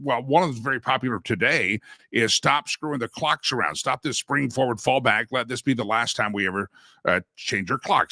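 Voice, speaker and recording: A rambling, jokey man hosts a live-streamed political talk show. He talks with a bright, forceful edge and restarts his sentences often. The sound is close and dry. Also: gravelly, no echo. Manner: rambling and chatty, full of fillers and restarts; jokey, swings in pitch for emphasis.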